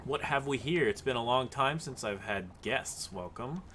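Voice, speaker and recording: A man's voice: mid-range voice, animated, moderate pace, fairly bright tone, slight background noise, close to an everyday voice. A man voicing an aloof, reclusive old male wizard in a put-on Southern drawl for a video game let's play. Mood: haughty. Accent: put-on American Southern.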